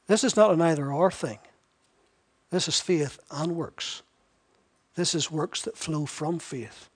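A man's voice: fairly high pitch, takes it slowly, pauses often, breathy edge. A man preaching an expository sermon, emphatic and repetitive, with wry asides.

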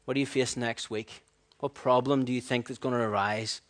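A man preaching a sermon, animated and storytelling, acting out voices and laughing at his own stories. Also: medium pitch, moderate pace.

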